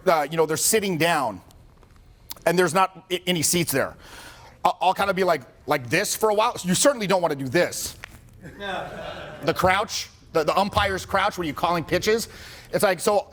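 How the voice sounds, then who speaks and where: High-voiced joking male coach. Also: moderate pace, a bit bright. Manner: casual, joking, swears often, acts out quotes. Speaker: social skills coach. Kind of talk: live seminar talk to a group.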